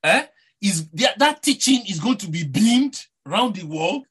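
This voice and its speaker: A man with a Nigerian accent preaching a sermon, animated and rhetorical, often repeating words and asking his listeners "eh?". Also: sits high, a little slow, husky.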